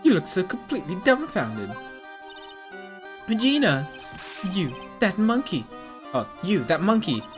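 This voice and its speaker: Woman doing a bubbly teasing circus girl, low voice but bouncy, faint game music. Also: sing-song, a little slow, pauses often.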